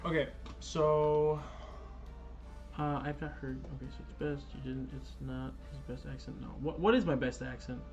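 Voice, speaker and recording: A man's voice: medium pitch, fairly quick, few pauses, darkish tone, highs cut off, soft background music. A man hosting a casual gaming livestream, chatting loosely with viewers, swearing and stumbling over restarts and fillers. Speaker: livestream host.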